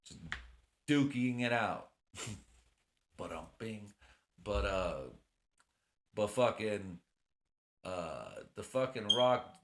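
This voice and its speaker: A man's voice: lowish voice, lively intonation, extremely slow, pauses often, slight background noise. A man hosting his own podcast, rambling casually in a profane, slangy way. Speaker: podcast host. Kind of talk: casual solo podcast rant.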